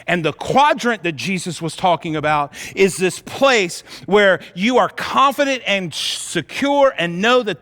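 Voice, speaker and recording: A man preaching a sermon as pastor, telling the story in an animated way with casual slang. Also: high voice. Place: church auditorium. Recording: long reverb of a large hall.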